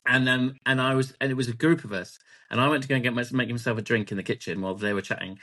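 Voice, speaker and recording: A man chatting on a podcast with a light, giggly, rambling delivery. He keeps undercutting himself with bashful laughs and trailing asides, at an everyday pitch. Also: fairly even intonation, racing, sharp tone. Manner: giggly, rambling, self-deprecating. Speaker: podcast co-host. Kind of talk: casual chat.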